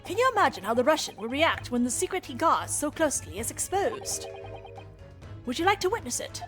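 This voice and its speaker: Woman doing a grandiose gentleman detective. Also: high voice, sing-song, brisk, faint music behind. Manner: grandiose, theatrical. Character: pompous eccentric male gentleman detective. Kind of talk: reading game dialogue aloud.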